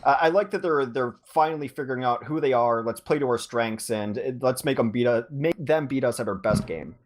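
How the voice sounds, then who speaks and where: A man's voice: mid-range voice, brisk. A man co-casting an esports match in a loose, conversational way, with plenty of "you know" and restarts. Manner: conversational, frequent fillers and restarts. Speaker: esports co-caster. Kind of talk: esports commentary.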